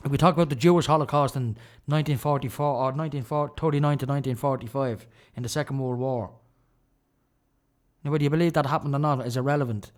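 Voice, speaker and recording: A man's voice: medium pitch, a little mellow. An Irish man hosting a radio show, delivering an indignant, ranting solo monologue with heavy emphasis.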